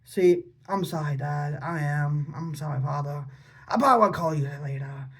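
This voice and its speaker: A man's voice: a little high, moderate pace, a bit bright, husky. A man vlogging an unscripted, rambling monologue to his father, repeating himself and asking pleading questions. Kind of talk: unscripted personal vlog monologue.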